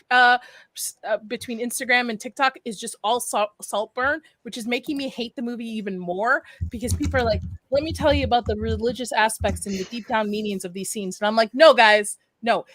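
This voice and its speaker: A woman's voice: on the high side, fairly bright tone. Chatty woman hosting a live stream. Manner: chatty, laughs between words. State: getting over a flu. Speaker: stream host. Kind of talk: casual live-stream chat.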